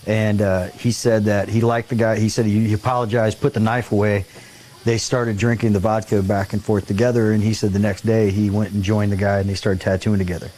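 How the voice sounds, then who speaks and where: A man with a lowish voice tells a rambling anecdote on a casual talk show. He jumps into quoted voices and laughs along the way. A faint hiss of noise sits under the recording. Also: fairly quick. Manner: animated anecdote-telling, acts out quoted voices, laughs often. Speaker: show host. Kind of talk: casual storytelling chat.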